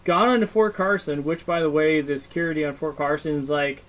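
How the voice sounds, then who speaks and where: A man's voice: a little high, fairly even intonation, a little fast, few pauses, low-quality recording. A young man co-hosting a podcast, telling stories in casual chat, swearing freely and using lots of fillers. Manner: profane, storytelling with lots of fillers. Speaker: podcast co-host.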